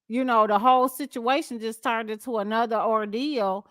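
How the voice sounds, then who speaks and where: A Southern US woman hosts a casual gossip show, chatty and full of asides. Her voice sits fairly high, and the sound is close and dry with no room around it. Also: steady tone, moderate pace, a bit bright, no room sound. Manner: chatty, reads posts aloud with laughs and asides. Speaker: podcast host.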